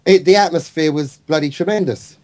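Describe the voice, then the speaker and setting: A man's voice: a little high, fairly quick, a little mellow. A man chatting about a football match, rambling and hesitant with a cheeky streak. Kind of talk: casual fan chat.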